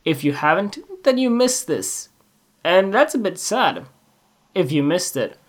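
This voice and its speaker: A man's voice: high-pitched, big pitch swings, a little slow. A man hosting a solo podcast, talking in a rambling, emphatic way, swearing often and putting questions straight to the listener. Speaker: podcast host.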